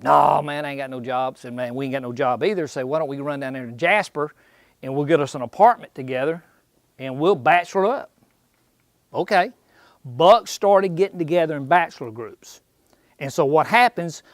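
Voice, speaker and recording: A slightly high-voiced man with a drawl holds forth at a seminar in a shop. He spins folksy, joking stories, drops into slangy voices and keeps asking his crowd questions. The sound is dry and close, with little room in it. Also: no room sound. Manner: folksy, jokey storyteller, acts out bucks in slang, quizzes the audience. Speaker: seminar speaker on deer hunting. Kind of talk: live seminar talk to a small crowd. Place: indoor outdoor shop.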